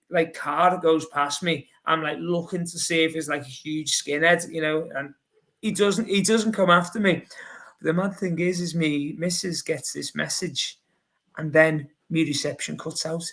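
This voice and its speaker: A man with a Scouse accent, a podcast guest telling a rambling, lively story full of fillers. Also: a little high, normal speed. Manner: lively, rambling, heavy with fillers like "you know". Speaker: podcast guest, long-distance runner. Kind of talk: casual anecdotal storytelling.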